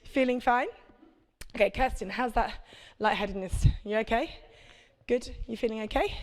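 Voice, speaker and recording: A woman's voice: a little high, normal speed, a little mellow. A woman, a prenatal fitness instructor, coaching a live workout class with chatty, encouraging cues and check-ins.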